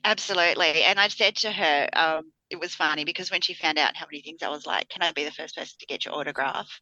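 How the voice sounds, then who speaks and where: Bright-voiced woman telling a story. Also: low voice, fast talker, lo-fi sound. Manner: animated storyteller acting out quotes. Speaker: podcast co-host. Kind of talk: casual chat.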